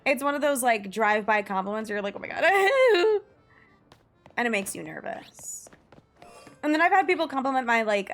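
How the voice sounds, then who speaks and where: A woman's voice: medium pitch, a bit bright. A young woman streaming a game, chatting casually with her viewers, telling stories with lots of giggles and reading chat aloud.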